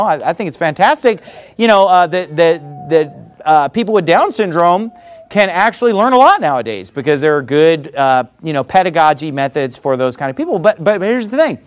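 Preaching in a lively, high voice that leaps around in pitch, a male pastor delivers his sermon with animation. Scripture is interwoven with laughter and mocking digs.

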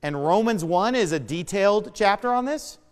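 A man pastor preaching a sermon with emphatic delivery, drawing out key words and swinging sharply between loud and soft. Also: high voice, expressive, moderate pace, clear, resonant tone, big-room sound.

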